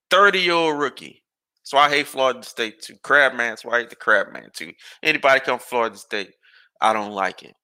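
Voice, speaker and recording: A man hosting a podcast, ranting and rambling about sports in an animated, exasperated way and swearing freely. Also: mid-range voice. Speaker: podcast host.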